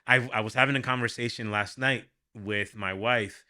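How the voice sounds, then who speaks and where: A young adult man hosting a casual podcast as a worship leader, animated and laughing, thinking aloud with restarts. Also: medium pitch, normal speed.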